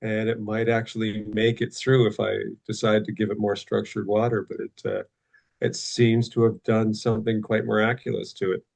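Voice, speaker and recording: A man on a video call telling a casual anecdote in a chatty way, with halting restarts. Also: lowish voice, level tone, creaky, darkish tone. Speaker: call participant.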